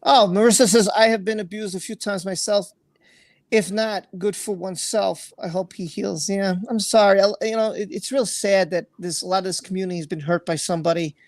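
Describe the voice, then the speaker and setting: A man's voice: high voice, steady tone, brisk, no room sound. A man hosting a livestream, reading out viewer comments and talking in an earnest, emotional way, repeating himself and swearing freely. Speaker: livestream host.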